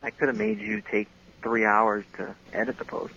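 A man co-hosting a podcast, chatting casually with a gravelly voice that swings widely in pitch. He teases and jokes with his co-hosts. The recording is dull and lo-fi. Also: sing-song, normal speed, pushed and bright. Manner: joking, teasing. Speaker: podcast co-host.

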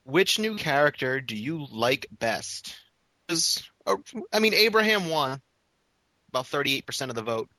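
A man co-hosting a podcast, trading dry jokes and reading out results. His voice is bright and forward, recorded dry and close. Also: mid-range voice, sing-song, measured pace, no room sound, low-quality recording. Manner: dry joking, reads poll results. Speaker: podcast co-host. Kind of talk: casual chat.

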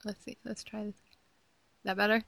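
A woman's voice: mid-range voice, little pitch movement, a little fast, creaky, a bit bright, no echo. A woman co-hosting a podcast in casual group chat over a call, giggly and playful. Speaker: podcast co-host.

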